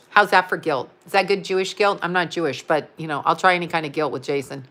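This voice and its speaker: A woman's voice: fairly low pitch, expressive, normal speed, sharp tone. A woman chatting casually on a live stream, rambling and blunt, laughing often and swearing freely. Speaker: psychic and astrologer answering live chat.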